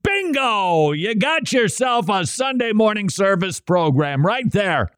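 Sarcastic man from Minnesota, radio host, lively pitch, dry close mic. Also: measured pace, clear, resonant tone, no room sound. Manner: animated, sarcastic, laughs often. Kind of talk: opinionated commentary.

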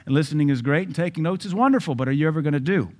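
A man's voice: fairly high pitch, rapid-fire, darkish tone. Emphatic preaching man. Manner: emphatic preaching with repeated phrases. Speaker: pastor. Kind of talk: sermon. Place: church service.

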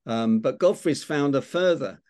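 A man's voice: mid-range voice, animated, a little slow, darkish tone. Older cockney guy from london hosting an online chat, playful, quizzing folks on slang. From London, England. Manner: chatty and playful, quizzing the audience. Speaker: host of an online talk session. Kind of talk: casual hosted chat on slang.

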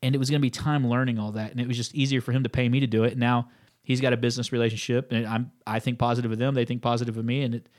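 Fast-talking man telling stories on a podcast. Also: medium pitch. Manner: animated storyteller, acts out quoted people. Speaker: podcast co-host. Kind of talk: casual podcast chat.

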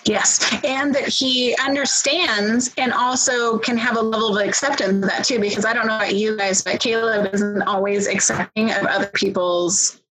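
Woman, casual chat, rambling, fillers, slightly high, husky. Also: fairly even intonation, moderate pace, a bit bright, poor audio. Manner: chatty, rambling, lots of fillers. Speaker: podcast co-host, parent.

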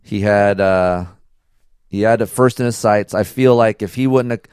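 A man hosting a casual podcast, telling a story in a relaxed, slangy way. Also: lowish voice, normal speed, smooth, dry recording, clean studio sound. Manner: laid-back storytelling with slang. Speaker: podcast host. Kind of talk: casual chat.

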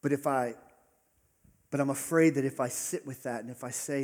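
A man preaching a sermon as pastor, earnest, rising to emphatic peaks and dropping to soft asides. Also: medium pitch, normal speed. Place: church hall with congregation. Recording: long reverb of a large hall.

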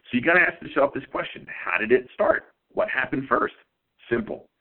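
A man's voice: medium pitch, lively intonation, moderate pace. A man, a guest consultant on a podcast, explains things emphatically and repeats key points as he teaches. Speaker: guest chiropractic billing consultant. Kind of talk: instructional podcast talk. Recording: tinny phone-like line.

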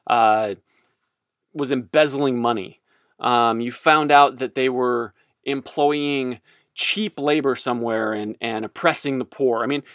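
A man's voice: medium pitch, a bit bright, no echo, studio quality. A man giving a casual, jokey teaching talk about faith that rambles along. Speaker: speaker on faith.

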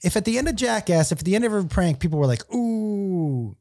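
A man's voice: high-pitched, racing, vocal fry. A man who is a comedian, guest on a podcast, telling stories in casual, profane chat. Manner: animated, profane storytelling.

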